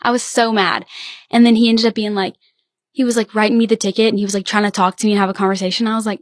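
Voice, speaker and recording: Young woman telling lively stories. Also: medium pitch, very fast, no echo, studio quality. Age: young adult. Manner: animated storytelling, acts out quoted voices. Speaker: podcast co-host. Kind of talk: casual podcast chat.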